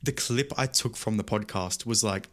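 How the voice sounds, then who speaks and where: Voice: mid-range voice, moderate pace. Young podcast host, casual and slangy, mid-range voice. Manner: chatty, casual slang, many "like" fillers. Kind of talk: casual chat.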